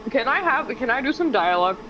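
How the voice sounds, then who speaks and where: A woman's voice: high voice, very animated, quick pace, bright, forceful tone, slight background noise. A woman player in a tabletop game, talking casually and swearing freely. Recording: dull lo-fi sound.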